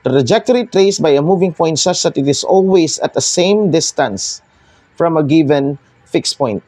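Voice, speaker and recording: A young Filipino man teaching a math lesson at the board, explaining each step and pausing as he goes. His voice sits a little high but sounds warm and mellow. It is recorded close and dry. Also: lively intonation, no echo. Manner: code-switching, explaining step by step with pauses.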